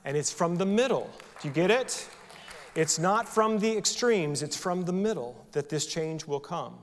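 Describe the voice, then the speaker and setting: Male pastor, sermon, slightly high voice, chatty preaching with rhetorical questions, echoing sanctuary. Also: animated, moderate pace, a little hiss or hum. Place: church sanctuary.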